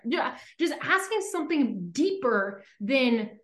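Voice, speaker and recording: A chatty woman hosting a podcast, her voice sitting a little high for a woman. She leans on filler "like"s and breaks into little acted-out examples. The recording carries a roomy echo. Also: animated. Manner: chatty, many filler 'like's, acts out quick examples. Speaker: podcast host. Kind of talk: casual podcast chat.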